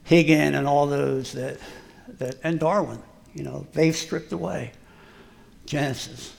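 A man's voice: a little high, gravelly, a little mellow. A man preaching a folksy, emphatic sermon, joking at his own expense as a plain working guy. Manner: folksy, self-deprecating, emphatic. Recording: long hall reverb.

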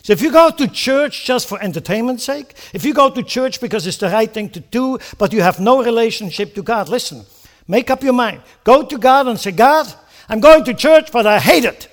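A male pastor preaching a sermon, animated, firing off rhetorical questions and acting out prayers. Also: extremely high pitch, fairly quick.

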